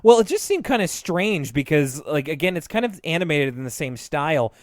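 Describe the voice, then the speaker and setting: Chatty podcast co-host, slightly high. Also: male voice, brisk, no room sound, clean studio sound. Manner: animated retelling with frequent laughs and fillers. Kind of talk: casual chat.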